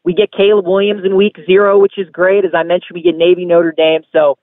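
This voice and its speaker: A man's voice: high-pitched, flat delivery, brisk, dry recording. A man calling in as a sports betting guest, talking in an upbeat, eager way. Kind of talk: casual call-in chat. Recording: tinny phone line.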